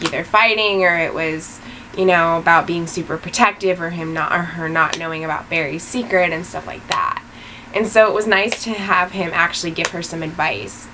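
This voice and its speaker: A woman co-hosting a casual TV episode review, chatty and giggly, with animated retellings of scenes. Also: fairly low pitch, slight background noise, poor audio. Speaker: podcast co-host.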